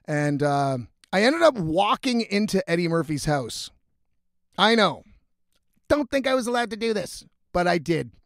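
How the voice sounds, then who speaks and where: A man's voice: sits high, big pitch swings, unhurried, dry recording, clean studio sound. A young man telling a rambling, profane party story in a casual vlog, full of restarts. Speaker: vlogger.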